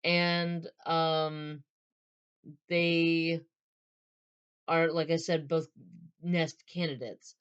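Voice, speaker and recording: Brief: casual book reviewer, woman, low voice, rambling and filler-heavy, muffled recording. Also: flat delivery, extremely slow, long pauses, clean tone. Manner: rambling, many fillers and restarts, retells scenes in quoted voices.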